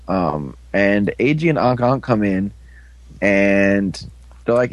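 A man's voice: lowish voice, animated, unhurried, no echo. Rambling man recapping, dry close sound. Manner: rambling, filler-heavy storytelling. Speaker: podcast co-host recapping an episode. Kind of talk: casual recap chat.

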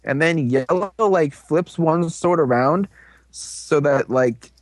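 A man's voice: fairly high pitch, no room sound. Man retelling a show in a dry recording. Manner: animated storytelling with quick voiced quotes and laughs. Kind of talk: casual chat, recapping a show.

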